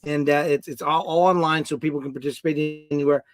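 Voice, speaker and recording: A man's voice: a little high, fairly even intonation, fast. A male guest on a live show who explains and promotes his online course, with some hesitant fillers.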